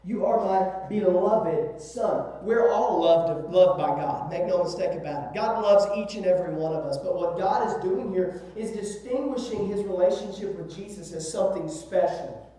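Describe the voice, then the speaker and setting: In a church sanctuary, a man with a Southern US accent delivers a sermon as pastor in a high, dark-toned voice at normal speed, emphatically repeating words and checking in with "right?" The room is very echoey and he sounds distant.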